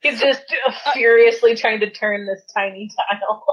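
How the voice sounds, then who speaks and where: A woman's voice: on the high side, fairly even intonation, unhurried, muffled recording. A woman playing a tabletop game, chatting casually and teasing the other players.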